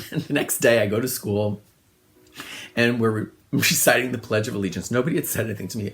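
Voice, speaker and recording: A middle-aged man telling funny childhood stories in a relaxed monologue, self-deprecating and often laughing. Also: on the low side, a little fast. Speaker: host. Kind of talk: casual storytelling monologue.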